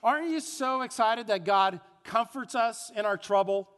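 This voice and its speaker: A man preaching a sermon as pastor, animated, asking the congregation questions and having them repeat phrases. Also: high-pitched, moderate pace, smooth. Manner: animated preaching with rhetorical questions and call-and-response. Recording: long hall reverb.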